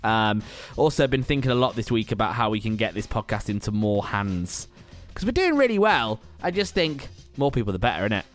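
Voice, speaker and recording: Guy hosting his podcast, chatty and jokey, pitch jumps around, faint music under it. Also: very animated, brisk. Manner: chatty, self-mocking, jumpy pitch. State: out of breath. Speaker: podcast host. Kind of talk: casual podcast intro.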